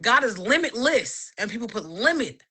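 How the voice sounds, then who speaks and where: A woman in casual chat, animated and laughing often, giving an emphatic faith-filled testimony with lots of repetition. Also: fairly high pitch, moderate pace, husky.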